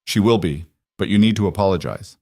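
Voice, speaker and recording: A man voicing a gentle, patient father. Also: low-pitched, a little fast, no room sound, clean studio sound. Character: patient single father, calm and firm.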